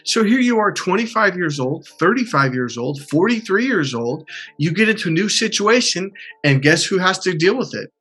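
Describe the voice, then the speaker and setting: Animated man coaching, husky voice. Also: sits high, moderate pace, faint music behind. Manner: animated, acts out quotes, swears casually. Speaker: life coach. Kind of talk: coaching session.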